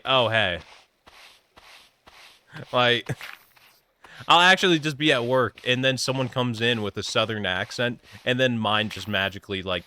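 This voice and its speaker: A man's voice: medium pitch, bright, forceful tone, a little hiss or hum. A young man streaming a game, chatting casually and jokingly, rambling and now and then slipping into a put-on southern twang. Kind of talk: casual gaming stream chat.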